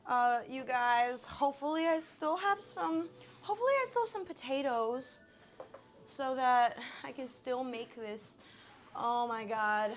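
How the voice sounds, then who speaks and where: A woman live streaming while she cooks, chatting casually to her viewers, flustered, swearing and talking herself back into calm. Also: high-pitched, measured pace.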